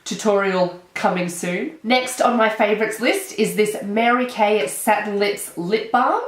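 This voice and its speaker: A young woman with an Australian accent, talking casually as a beauty vlogger, her voice nasal from a cold and her manner bubbly and excitable. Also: medium pitch, slight background noise. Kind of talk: casual chat. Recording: echoey room.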